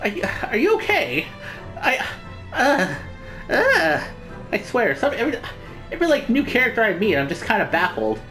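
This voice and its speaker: A woman's voice: fairly high pitch, huge pitch swings, normal speed, long pauses, a bit bright, faint music behind. A woman giving casual, baffled commentary on a game she is playing, swearing freely. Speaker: let's play host.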